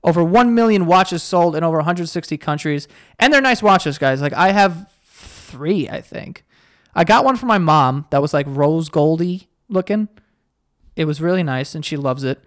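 A man's voice: on the high side, lively intonation, moderate pace, dry recording, clean studio sound. Rambling young male podcast host. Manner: rambling, self-deprecating, voice cracking. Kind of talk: casual solo podcast chat with ad read.

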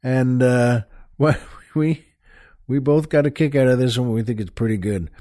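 A man's voice: medium pitch, moderate pace, mellow. A male host telling a joke in a folksy, rambling way with many fillers.

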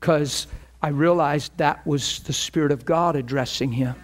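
A middle-aged man preaching, telling a story and acting out both sides of phone calls. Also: unhurried. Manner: animated, acts out phone calls with rising pitch. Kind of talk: storytelling sermon.

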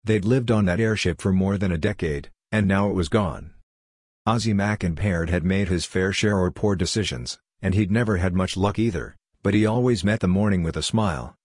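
A man with a very low, husky voice reads a story aloud in a steady, even way. The recording is dry and close, with no room sound behind him. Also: dry recording. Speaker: audiobook narrator. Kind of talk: scripted narration.

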